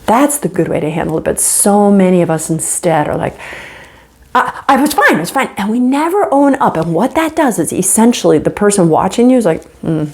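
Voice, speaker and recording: A woman teaching relationship skills straight to camera, emphatic and animated, often checking in with "right?". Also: medium pitch, a little fast, hardly any pauses. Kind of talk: direct-to-camera teaching talk.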